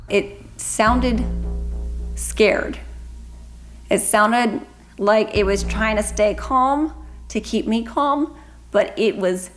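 Woman telling a tense true story. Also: medium pitch. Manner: earnest, vivid and urgent. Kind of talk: recounting a personal story. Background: background music.

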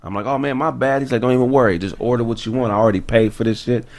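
A man's voice: mid-range voice, fairly even intonation, very fast, darkish tone. Laid-back podcast host man. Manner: laid-back, profane, tells anecdotes. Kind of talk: casual chat.

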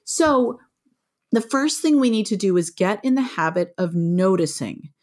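A middle-aged parenting author speaks frankly and with animation in a conversational interview, plainspoken and mildly swearing. Her voice is medium-pitched and unhurried.

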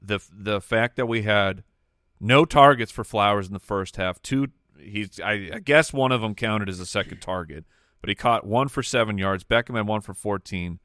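A man's voice: lowish voice, normal speed, no room sound, studio quality. A man co-hosting a fantasy football podcast, laughing and arguing his opinions. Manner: animated, laughing, opinionated rants. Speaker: podcast co-host. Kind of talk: casual sports chat.

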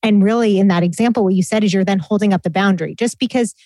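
A woman giving calm, measured parenting advice in a casual chat. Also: mid-range voice, no echo, low-quality recording.

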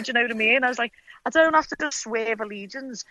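A woman's voice: high voice, fast talker, sharp tone, dull audio. A young woman with a Scouse accent, a fighter, chatting freely in an interview and swearing often. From Liverpool, England. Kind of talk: casual interview.

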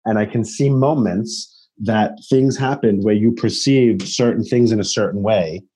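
A man from Long Island, a psychic guest on a chat show, animated and profane, laughing often. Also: lowish voice, unhurried, breathy edge. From Long Island, New York. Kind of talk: casual chat.

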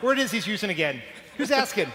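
A comedian playing a cagey, guarded street hustler in a deadpan way. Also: male voice, high voice, fast, long reverb tail, background noise.

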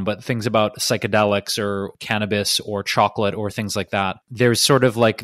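A man's voice: fairly low pitch, fairly bright tone, dry recording, studio quality. A man co-hosting a podcast in casual chat, making long, earnest, rambling points. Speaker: podcast co-host.

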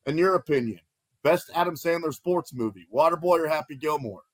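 Husky-voiced man hosting sports betting radio. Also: a little high, brisk, dry recording. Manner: playful, energetic, plugs odds and sponsors. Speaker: sports betting show host.

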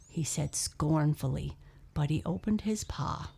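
A woman tells a bedtime story slowly, her lowish voice gravelly and lilting. Her pitch rises and falls widely as she narrates. Now and then she drops almost to a whisper. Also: lively intonation, mellow. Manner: slow, soothing, lilting.

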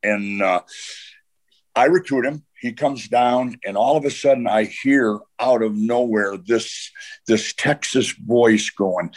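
A man's voice: medium pitch, unhurried. An older man, a retired coach, telling long anecdotes in a podcast interview, full of "uh" and restarts. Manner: rambling anecdotes with frequent "uh" and restarts. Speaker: guest, retired football coach.

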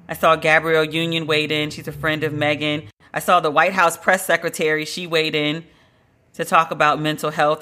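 With a low voice that comes across pushed and bright, a podcast host talks alone on her show. Her style is blunt, emphatic and conversational, and she draws out stressed words.

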